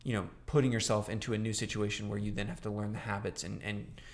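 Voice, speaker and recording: A young male podcast co-host talks fast in a low-leaning, flat voice. The chat is casual and meandering, riddled with fillers and restarts.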